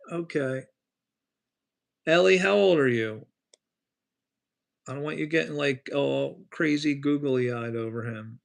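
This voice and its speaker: Male livestream host, gravelly, rambling chatty storyteller. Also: mid-range voice, fairly bright tone. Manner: rambling storyteller, talks to chat by name. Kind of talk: casual livestream chat.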